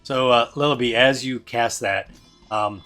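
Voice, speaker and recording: A man running a tabletop game as game master, narrating in a casual, halting way. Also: medium pitch, bright, forceful tone. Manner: casual, many fillers and restarts. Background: faint music.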